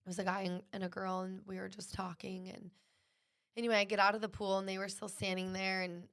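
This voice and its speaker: A woman's voice: mid-range voice, monotone, a little fast, a bit bright. A young woman hosting a podcast, telling a personal story in a casual, earnest way with lots of "like". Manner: earnest, fills speech with "like". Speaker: podcast host.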